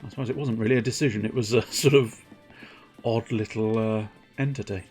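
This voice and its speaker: A man's voice: on the low side, steady tone, brisk, darkish tone, soft background music. A man streaming a video game, chatting casually with viewers in a rambling, self-mocking way. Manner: rambling, self-mocking, breaks into silly voices. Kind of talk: casual live game commentary.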